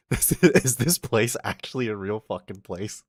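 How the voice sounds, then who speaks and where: A man's voice: lowish voice, unhurried, no echo, studio quality. A man streaming, telling a story in a casual, exasperated rant full of swearing and laughter. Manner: profane, exasperated, often laughing.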